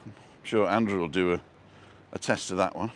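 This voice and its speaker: A deep-voiced, middle-aged man talks briskly while hosting a casual stream on foot through town, slight background noise audible. He reads viewers' comments aloud and chats with a joking manner.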